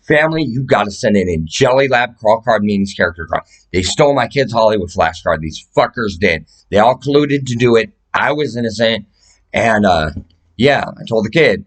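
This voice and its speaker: A man's voice: lowish voice, animated, moderate pace, low-quality recording. A man talks straight to the camera in a long, rambling rant. He swears constantly, pleads urgently and jumps between subjects. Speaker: vlogger.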